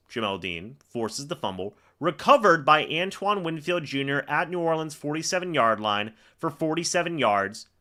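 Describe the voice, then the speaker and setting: A man with a sharp, rather high voice reacts to a game on a live stream, calling plays aloud in commentary style. He rants angrily, fed up with the referees.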